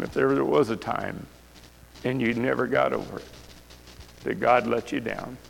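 A man's voice: medium pitch, vocal fry, a little hiss or hum. A male pastor preaching a sermon with passion, throwing rhetorical questions at the congregation. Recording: long reverb of a large hall.

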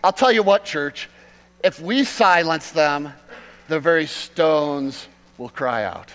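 A man preaching a sermon as pastor, swinging from loud emphatic peaks to quiet asides. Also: a little high, animated, slow pace, big-room sound, poor audio.

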